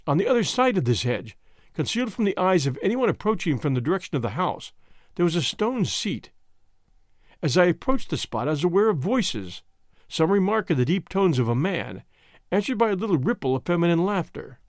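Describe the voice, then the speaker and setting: A man reading a storybook aloud in scripted, expressive narration. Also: high voice, fairly quick, no room sound, clean studio sound. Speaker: audiobook narrator.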